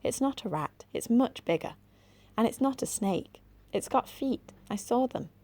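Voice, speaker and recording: A woman doing an urgent, high young girl. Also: expressive, a little slow, a little mellow, dry recording. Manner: urgent, pleading. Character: excitable, soft-hearted girl.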